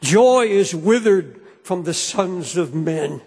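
A man's voice: high voice, lively intonation, slow pace, darkish tone, slightly rough. A man preaching a sermon as pastor, earnest and fervent, often restarting his phrases. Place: church sanctuary. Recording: long hall reverb.

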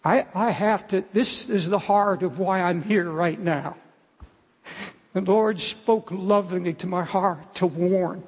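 A man's voice: sits high, slow, breathy edge. An older man preaching a sermon in an earnest, pleading way, often restarting his phrases. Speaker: pastor. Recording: long hall reverb.

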